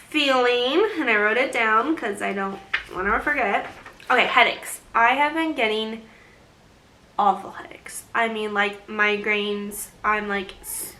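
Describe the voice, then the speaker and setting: A young woman talks through a casual vlog, chatty and rambling, with a bright, fairly high voice. She sounds short of breath while she talks and laughs often between her thoughts. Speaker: vlogger. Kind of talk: casual pregnancy update vlog.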